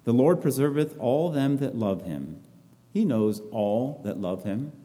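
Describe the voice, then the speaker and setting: Male preacher, very dark mellow tone, echoing hall, earnest halting delivery. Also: medium pitch, expressive. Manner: repetitive, halting, earnest phrasing. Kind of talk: sermon, reading and expounding scripture.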